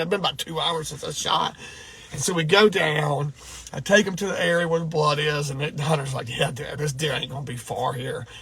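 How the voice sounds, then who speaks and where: A man's voice: fairly high pitch, creaky, sharp tone, husky, no echo. A middle-aged man from Georgia, telling a hunting story in a rambling, choked-up way. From Georgia, USA. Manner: rambling, restarts and repeats himself, choked up. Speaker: deer hunter. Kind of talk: emotional storytelling vlog.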